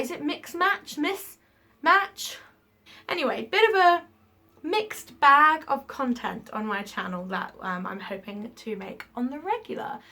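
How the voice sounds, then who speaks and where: A woman's voice: fairly high pitch, pushed and bright. A woman vlogging to camera with a frank, emphatic, ranting delivery, swearing when she gets heated. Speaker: YouTuber. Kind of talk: casual vlog rant.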